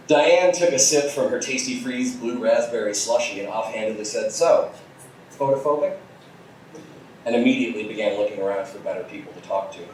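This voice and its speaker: A man doing a comic live reading of fan fiction on stage, a deadpan storyteller with crude asides. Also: mid-range voice, moderate pace, long pauses, a little hiss or hum. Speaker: comedy reader. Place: small theater with audience. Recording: distant, echoey live theater recording.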